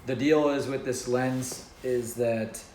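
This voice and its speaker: A man's voice: medium pitch, steady tone, slow pace, a little mellow, a little hiss or hum. Easygoing man vlogging in a roomy space. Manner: easygoing, rambling, joking. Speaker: vlogger and videographer business owner. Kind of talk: casual vlog talk to camera. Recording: roomy with faint background ambience.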